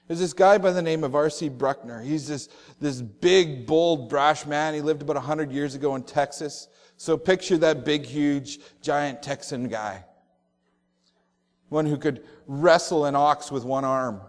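A male pastor preaching a sermon, telling stories and slowing down on emphatic phrases. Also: fairly high pitch, big-room sound.

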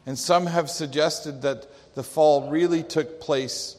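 A man's voice: on the high side, steady tone, takes it slowly, darkish tone. A male pastor preaching a sermon with emphatic delivery, quoting scripture. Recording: long hall reverb.

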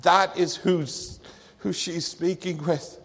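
A man's voice: high-pitched, steady tone, slow pace, a bit bright, breathy edge. A male pastor preaching a sermon with emphatic delivery, quoting scripture. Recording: long hall reverb.

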